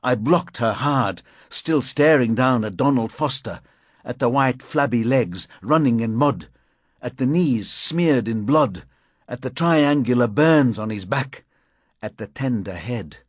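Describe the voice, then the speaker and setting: A man reading a crime thriller audiobook in measured, grim first-person narration. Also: medium pitch, animated, no echo. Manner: measured, grim, deliberate delivery.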